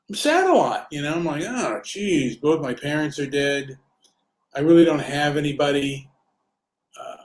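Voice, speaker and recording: A man ranting in casual video chat, rambling with halting repetitions and frequent swearing. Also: on the high side. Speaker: host. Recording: echoey room.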